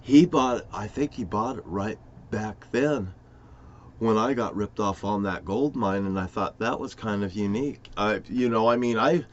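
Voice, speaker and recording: A man rambling profanely to camera in a conspiratorial monologue, jumping from topic to topic with sudden loud outbursts. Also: on the low side, normal speed, dull audio. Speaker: vlogger.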